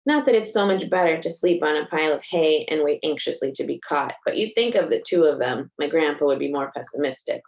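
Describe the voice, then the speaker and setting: A woman's voice: low-pitched, expressive, a little fast, vocal fry, hardly any pauses, a little mellow, highs cut off. A woman author reading a first-person passage from her own novel in a reflective narrating manner.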